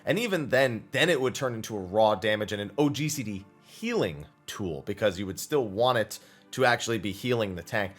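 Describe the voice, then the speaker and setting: A man's voice: fairly low pitch, animated, a little fast, hardly any pauses, soft background music. A man hosting a weekly Q&A show, answering viewer questions in an enthusiastic, explanatory way, with long run-on thoughts. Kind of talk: casual Q&A explanation.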